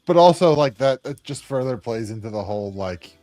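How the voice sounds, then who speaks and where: A man's voice: mid-range voice, lively intonation, brisk, mellow, faint music behind. A man rambling through explanations on a casual podcast, full of "like". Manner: rambling, filler-heavy.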